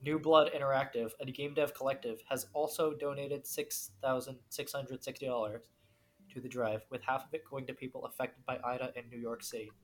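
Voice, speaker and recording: A low-pitched woman co-hosts a casual podcast, swearing freely and joking around. She reads news items in a flat, quick voice. A faint hiss sits under the recording. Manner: profane, jokey, reads news aloud. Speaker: podcast co-host. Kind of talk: casual chat.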